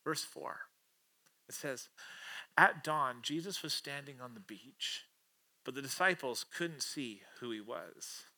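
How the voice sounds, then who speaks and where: A man preaching a sermon, animated and playful, swinging from loud acted-out quotes to quiet asides with casual jokes. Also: mid-range voice, slow pace. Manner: playful, casual slang and self-aware jokes. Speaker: pastor.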